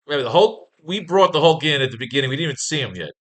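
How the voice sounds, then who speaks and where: A man's voice: fairly high pitch, expressive, racing, a bit bright. A man teaching a writing class, talking casually and with lots of swearing as he plans comic pages and reads panels aloud. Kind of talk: casual comic-planning talk.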